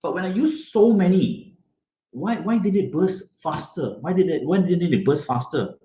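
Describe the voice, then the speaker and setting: Here a man teaches a hands-on science session for kids, his fairly high pitch bouncing around as he keeps asking them questions. He's expressive and mellow, speaking at normal speed, and the recording sounds roomy with plenty of echo.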